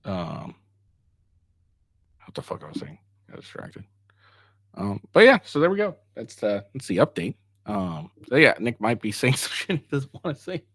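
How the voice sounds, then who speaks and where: A man's voice: medium pitch, big pitch swings, normal speed, pauses often, a bit bright, breathy edge, no room sound, studio quality. A man giving casual, rambling commentary, full of swearing, fillers and restarts, and mocking when he paraphrases others. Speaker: online commentator.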